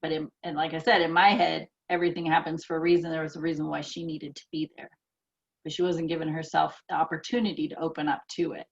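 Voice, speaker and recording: A woman's voice: low-pitched, little pitch movement, fast, vocal fry. A woman co-hosting a casual chat as a spiritual teacher, telling stories candidly and sometimes swearing. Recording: muffled lo-fi audio.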